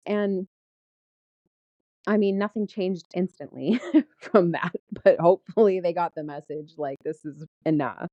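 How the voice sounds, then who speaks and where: A middle-aged woman vents about a bad day in a candid personal vlog, frank and quick to laugh and swear. Her voice sits low and dark, mellow, in a dry space with a dull, lo-fi sound. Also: dry recording. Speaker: vlogger.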